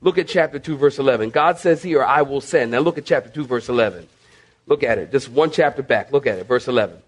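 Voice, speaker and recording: A man's voice: medium pitch, fast. A male pastor preaching a sermon, repeating key phrases and calling on the congregation to respond. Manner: calls on listeners to respond and mark their bibles.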